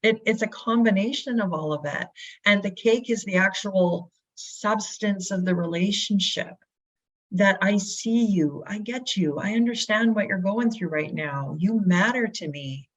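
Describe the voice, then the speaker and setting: A woman speaking as a guest in an interview, energetic, asking rhetorical questions and acting out quotes. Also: medium pitch, a little slow. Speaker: real estate brokerage guest. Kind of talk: animated interview talk. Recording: dull lo-fi audio.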